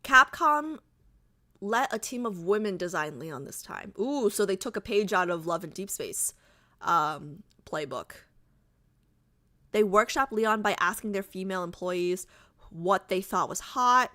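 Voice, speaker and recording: A woman's voice: medium pitch, animated, unhurried, pushed and bright. A woman streamer in casual livestream chat, chatty and giggly, reading viewer comments aloud.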